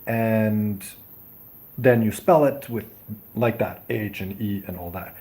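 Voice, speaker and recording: A young Serbian man hosts a casual live stream, reading viewer comments and answering them with lots of pauses, ums, and restarts. His voice is on the low side and warm, and he's friendly, often thanking his viewers.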